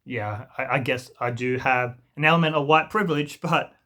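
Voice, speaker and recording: A man's voice: medium pitch, moderate pace, sharp tone. A young man telling an exasperated, rambling story as a vlogger, swearing freely and mocking people in put-on voices. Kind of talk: ranting storytime monologue.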